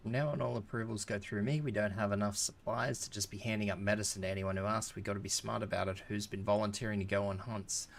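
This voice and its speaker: A stern settlement leader. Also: male voice, on the low side, fairly even intonation, fast talker, creaky, hardly any pauses, a little hiss or hum. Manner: firm, pragmatic. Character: stern male settlement leader rationing supplies. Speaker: game character.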